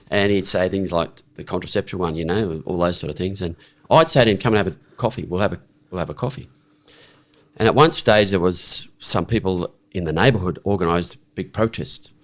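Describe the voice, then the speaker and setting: Brisk and low-pitched, a middle-aged Australian man tells a story as a guest on a podcast. The delivery is conversational, blunt and frank, marked by restarts and his habit of saying "right?".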